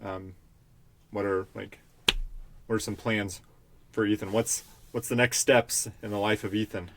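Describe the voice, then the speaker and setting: A man hosting a podcast, asking questions in a relaxed, hesitant way with many fillers. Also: on the low side, a little slow, background noise. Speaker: podcast host. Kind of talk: casual chat.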